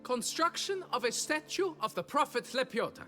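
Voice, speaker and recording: A high, fussy, flustered foreman. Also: normal speed, faint music behind, heavily acted. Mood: pleading. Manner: fussy, excitable, wheedling and pleading. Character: flustered, stingy middle-aged male quarry foreman. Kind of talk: video game dialogue.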